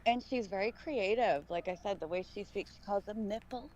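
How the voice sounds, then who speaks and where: A woman's voice: mid-range voice, moderate pace, a little mellow, muffled recording. A woman co-hosting a live podcast stream, chatting casually, blunt and playful and swearing freely. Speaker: podcast co-host.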